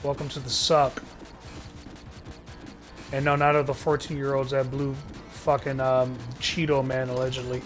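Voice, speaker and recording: A man's voice: medium pitch, flat delivery, moderate pace, pauses often, a bit bright, soft background music. A man ranting sarcastically on a live stream, swearing often and stumbling through restarts. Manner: profane, heated, sarcastic ranting with frequent filler restarts.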